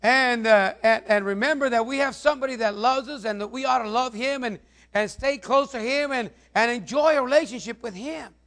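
A man's voice: extremely high pitch, a little fast, a bit bright. A male pastor preaching a sermon, rambling, with many repeated words and fillers.

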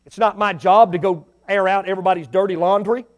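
A middle-aged man, a pastor, preaching a sermon that swells to loud emphatic lines and drops to quiet asides. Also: high voice, steady tone, quick pace, hardly any pauses.

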